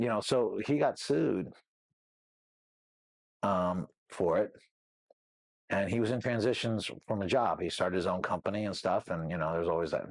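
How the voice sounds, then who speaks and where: Lower-voiced middle-aged man telling his story. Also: no echo. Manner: rambling, full of "you know what I mean" asides. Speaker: interview guest. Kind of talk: candid interview storytelling.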